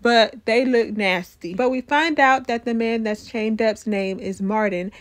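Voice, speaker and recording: A woman giving a casual, animated, sassy recap of a TV episode. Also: a little high, a little slow.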